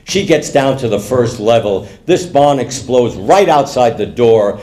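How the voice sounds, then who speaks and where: An older man telling jokes to a live audience in an animated storytelling manner. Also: mid-range voice, a little slow, few pauses. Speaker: stand-up comedian.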